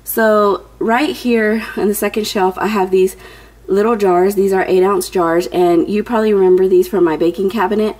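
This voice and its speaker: A woman's voice: medium pitch, steady tone, normal speed, a little mellow. A young woman, a little out of breath, chatting casually with viewers as she walks through her home organization tips, with lots of ums. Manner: chatty, many ums, addresses viewers as you guys. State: slightly out of breath. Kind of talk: casual tutorial narration.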